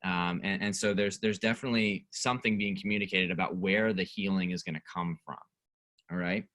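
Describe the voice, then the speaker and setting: Youth pastor, male, lower voice with a bright edge; relaxed, chatty teaching that reads passages aloud. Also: brisk. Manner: conversational, reads scripture aloud, asks the group questions. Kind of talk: casual Bible study teaching.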